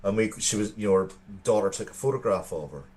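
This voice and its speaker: Irish male co-host, thirties, low register, sincere storyteller. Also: lively intonation, fast, darkish tone. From Ireland. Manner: earnest storytelling with frequent restarts. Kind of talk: casual chat.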